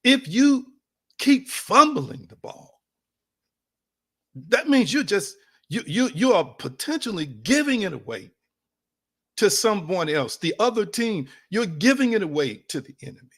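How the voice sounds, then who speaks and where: A man's voice: high voice, very animated, normal speed, breathy edge. A man preaching a sermon in a conversational, emphatic way, repeating phrases and calling on his listeners directly. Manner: conversational, addresses audience as y'all.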